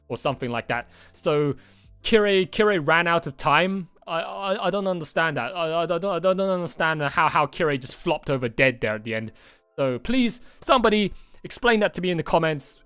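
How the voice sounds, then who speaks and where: A man hosting a movie reaction video, talking excitedly and rambling, with frequent swearing and restarts. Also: on the high side, brisk, smooth, no room sound. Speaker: reaction channel host. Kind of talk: casual movie reaction chat.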